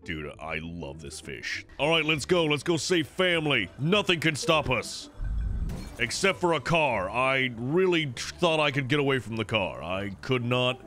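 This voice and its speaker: Excitable, lively young male gamer. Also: medium pitch, measured pace, faint music behind. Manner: excitable, swears a lot, yells at the game. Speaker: gaming YouTuber. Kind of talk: let's-play commentary.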